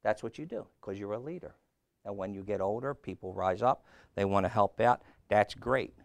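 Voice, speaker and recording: A man's voice: fairly low pitch, normal speed, gravelly, dry recording. A man preaching a sermon in an emphatic way, often repeating his phrases.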